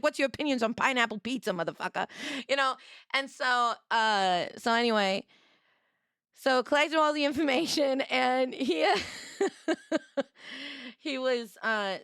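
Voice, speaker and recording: A young woman streamer telling a story in a casual, animated way, laughing and acting out the people she quotes. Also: a little high, clean tone, no echo, studio quality.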